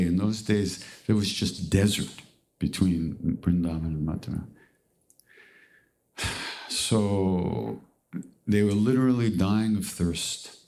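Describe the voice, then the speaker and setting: A man's voice: low voice, creaky, mellow. A man giving a spiritual talk in a conversational, earnest way, often restarting his sentences. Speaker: spiritual teacher.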